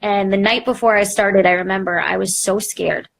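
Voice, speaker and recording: A young woman, a podcast host, candidly telling her story in a live interview, self-mocking and animated, full of "like" and acted quotes. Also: mid-range voice, moderate pace, creaky.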